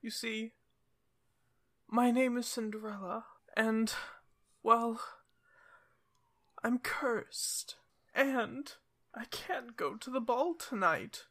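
A woman voicing a sad, gentle cursed young woman who turns into a grizzly bear, with a soft, breathy, higher voice. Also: extremely slow, pauses often, full character voice. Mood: wistful. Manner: wistful and polite.

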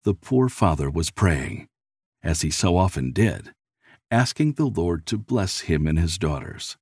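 A man reads a storybook tale aloud in a measured, expressive way, his pitch rising and falling widely. His voice is fairly low and husky. The sound is close and completely dry. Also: dry recording. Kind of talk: storybook narration.

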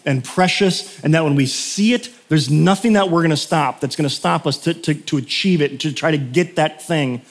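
A man's voice: a little high, normal speed, hardly any pauses. Chatty man preaching in a reverberant hall. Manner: chatty, storytelling, laughs often, lots of fillers. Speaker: pastor. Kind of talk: casual conversational sermon. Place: church sanctuary.

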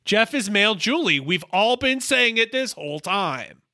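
A man co-hosting a podcast, recapping a TV episode in a casual, chatty way. His voice sits high and sounds very bright and sharp. He agrees readily and drops quick asides. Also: animated. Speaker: podcast co-host.

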